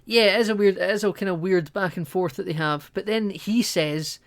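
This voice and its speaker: A man's voice: high-pitched, a little fast, no room sound. Dry-sounding man recapping a film. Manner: rambling plot retelling. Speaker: podcast co-host. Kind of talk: casual film recap chat.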